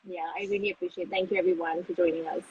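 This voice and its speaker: A woman's voice: on the low side, fairly even intonation, very fast, dull audio, a little hiss or hum. A woman as a guest on a casual live-stream interview, speaking effusively and laughing often, heard through a phone. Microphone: phone on a live video stream.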